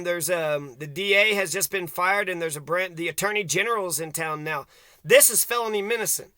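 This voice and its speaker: A man's voice: high voice, a little fast, sharp tone, clean tone, dry recording. A man ranting angrily to camera outdoors, swearing constantly and rambling as he vents. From Kentucky. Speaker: vlogger. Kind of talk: angry profane rant to camera.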